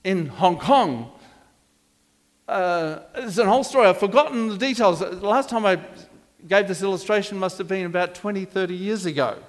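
An older male pastor delivers a sermon, his voice pitched notably high for a man. He rambles, drifts into side stories and trips over restarts. The sound rings with long reverb in the church hall. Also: moderate pace. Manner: rambling, digressive, with frequent restarts.

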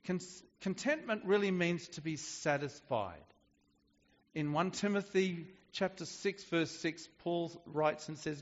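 A man's voice: fairly high pitch, big pitch swings, slow, in a large hall, lo-fi sound. A man preaching a sermon in a conversational way, often restarting his sentences. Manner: conversational with frequent restarts and fillers.

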